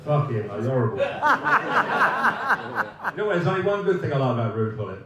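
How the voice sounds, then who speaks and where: A man's voice: medium pitch, sing-song, brisk. A man in his fifties, a former footballer, telling rambling, laughing anecdotes at a live evening event, swearing freely and restarting his sentences. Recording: roomy echoing room, mic at a distance, faint ambience.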